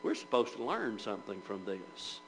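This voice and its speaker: A man's voice: on the low side, sing-song, normal speed, fairly bright tone, a little hiss or hum, rough recording. A man preaching a Bible class sermon, asking the listeners rhetorical questions and reading scripture aloud in old-fashioned wording. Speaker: preacher teaching church members.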